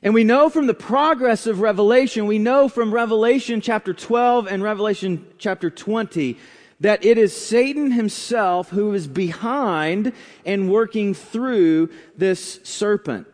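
A man preaching a sermon in a conversational way, with asides and pauses, in a church sanctuary. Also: high-pitched, a little mellow, in a large hall. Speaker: pastor.

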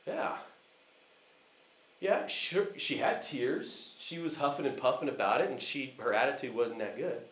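The echo of a church hall surrounds this visiting American preacher as he shares a family story, frequently restarting and using fillers. His mid-range voice is animated and a bit bright, yet he never rushes.

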